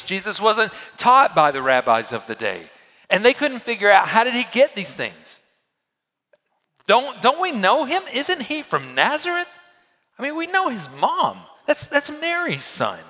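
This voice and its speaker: A man preaching a sermon as a pastor, swinging from loud emphasis down to hushed, quiet lows. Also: long reverb tail.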